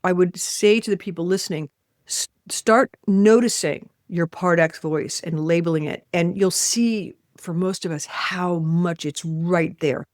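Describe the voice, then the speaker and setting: A woman's voice: on the low side, measured pace, no room sound, studio quality. A woman author as an interview guest, leading a guided exercise in an emphatic, blunt manner and swearing freely. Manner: animated, acting out voices in quotes.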